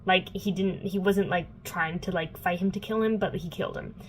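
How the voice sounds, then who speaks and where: A woman's voice: fairly low pitch, fairly even intonation, normal speed, a little hiss or hum, rough recording. A young woman vlogging a casual, sarcastic book recap full of fillers. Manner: chatty, filler-heavy, sarcastic asides.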